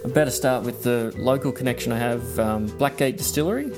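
With music playing in the background, a mid-range-voiced Australian man who listens to the podcast responds to interview questions. He's measured and thoughtful, with frequent ums.

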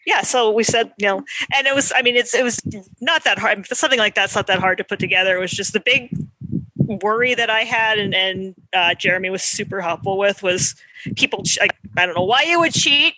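A man with a notably high, very bright and sharp voice chats casually as a podcast co-host, laughing easily between thoughts. The sound is dry and close. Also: fairly quick, no echo, low-quality recording. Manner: chatty, laughs often. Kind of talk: casual chat.

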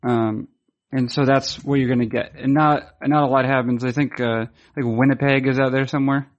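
A man's voice: medium pitch, steady tone, moderate pace, dull audio. A man hosting a podcast, chatting casually in a dry, mock-formal way. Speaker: podcast host. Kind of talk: casual podcast chat and read sponsor ad.

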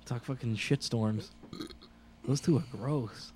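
A man co-hosting a casual podcast chat, laughing a lot and retelling scenes with animated put-on voices. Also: mid-range voice, takes it slowly, a little hiss or hum. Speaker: podcast co-host.

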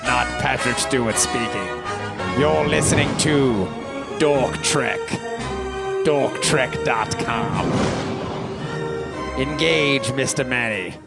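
A man voicing a grand starship captain who welcomes listeners aboard, in a deep, slow, gravelly tone over loud music. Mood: grandiose. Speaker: podcast host.

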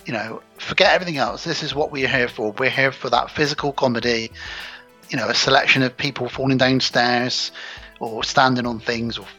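A man talking casually on a podcast, walking through a film scene by scene and slipping into the characters' lines as he goes. His voice is bright and a little husky. Faint music plays behind him. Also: mid-range voice, fairly even intonation, fairly quick, poor audio. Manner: retells scenes, acting out the dialogue. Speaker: podcast co-host.

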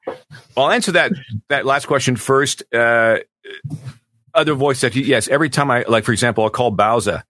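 A middle-aged male voice actor telling stories as an interview guest in a rambling, animated way, slipping into character voices. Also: mid-range voice, normal speed, no echo, clean studio sound. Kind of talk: casual storytelling in an interview.

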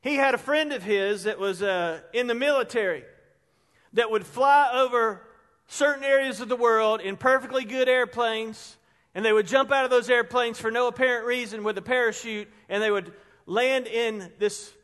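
A man preaching a storytelling sermon as a pastor, chatty and conversational, building his stories up to loud peaks. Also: very high-pitched, moderate pace. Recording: long reverb of a large hall.

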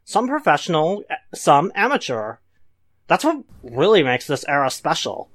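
A man's voice: a little high, very animated, normal speed. A man co-hosting a comedy podcast, reading forum posts aloud with exaggerated, gleeful emphasis.

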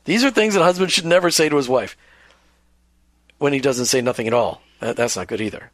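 A man's voice: medium pitch, expressive, fast talker, gravelly, no room sound, studio quality. A man co-hosting a faith-based marriage talk show, speaking earnestly and reading lists with emphasis. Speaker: radio show co-host.

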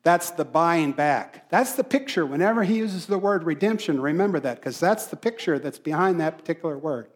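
A man preaching a sermon, emphatic, repeating key phrases and dropping to softer asides. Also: fairly high pitch, animated, fairly quick, hardly any pauses. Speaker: pastor.

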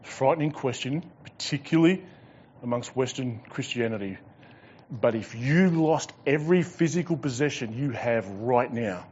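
A man's voice: medium pitch, expressive, normal speed, darkish tone, slightly rough, muffled recording. A male pastor preaching a sermon, telling stories and acting out dialogue.

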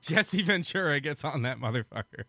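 A man's voice: fairly high pitch, lively intonation, normal speed, bright, forceful tone, no room sound, clean studio sound. A man with a Southern US accent, a podcast guest who jokes crudely and provocatively in casual chat. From southern United States.

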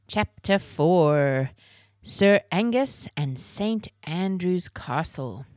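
A woman's voice: fairly low pitch, animated, extremely slow, darkish tone, no room sound, studio quality. A woman hosting a children's podcast and reading a novel aloud. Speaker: podcast host and reader.

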